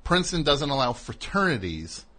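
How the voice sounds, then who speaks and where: A middle-aged man hosting a casual interview show, chatty, with rambling asides and many quick affirmations. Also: mid-range voice, sing-song, pushed and bright, slightly rough. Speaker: radio host.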